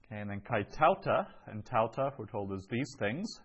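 A man's voice: lowish voice, expressive, normal speed, a bit bright, slightly rough, muffled recording. Man teaching a class, patient and explanatory. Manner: patient, explanatory, with many ums. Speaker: Greek teacher. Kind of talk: classroom lesson.

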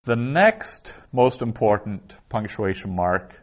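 A middle-aged man lectures a classroom in a somewhat low voice. He explains patiently, pausing and adding fillers as he works through each point. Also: sing-song. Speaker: teacher.

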